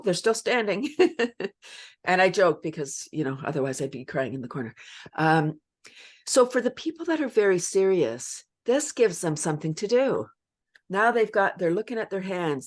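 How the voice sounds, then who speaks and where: A middle-aged woman who leads laughter yoga, talking animatedly in a casual interview and laughing often. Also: fairly low pitch. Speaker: laughter yoga leader and guest.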